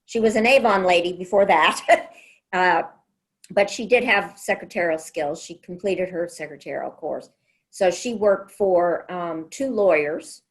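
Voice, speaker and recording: A woman in her seventies from the United States, a judge telling family stories in an oral history interview with lively, good-humored storytelling. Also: fairly low pitch. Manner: lively storytelling, quick to laugh.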